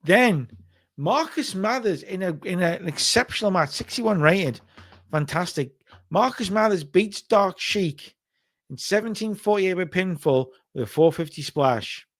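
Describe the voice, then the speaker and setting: Man, higher voice, casual chatty game narration, wrestling sim recap. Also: animated, a little slow. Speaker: game commentator.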